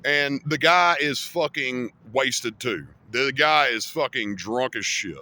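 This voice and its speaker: A man's voice: medium pitch, bright, forceful tone. A man vlogging, recounting a fight in a rambling, casual way with heavy swearing and many fillers. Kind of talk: casual storytelling to camera.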